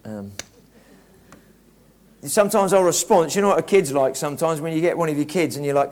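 A man's voice: a little high, fairly quick, a little mellow. A man preaching a conversational, reflective sermon, often restarting his sentences. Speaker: pastor.

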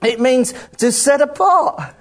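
A man preaching a lively sermon to his congregation, joking and laughing often and calling out people by name. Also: very high voice, slow. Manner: animated, jokey, laughs often, calls out congregation members.

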